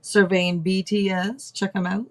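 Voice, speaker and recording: A woman's voice: mid-range voice, level tone, unhurried. A woman hosting a casual livestream tarot reading, chatty, thinking aloud and laughing often. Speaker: tarot reader host.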